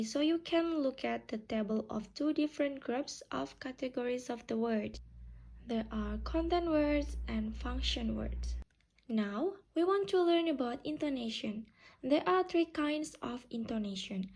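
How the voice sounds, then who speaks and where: A woman teaching pronunciation, explaining slowly and modeling example phrases with exaggerated rises and falls. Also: high voice, darkish tone, husky. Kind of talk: slow, careful classroom explanation.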